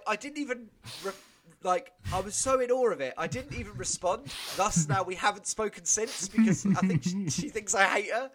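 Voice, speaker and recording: A podcast co-host with a high, sharp-toned voice tells a rambling story in casual chat. It's full of swearing and laughter.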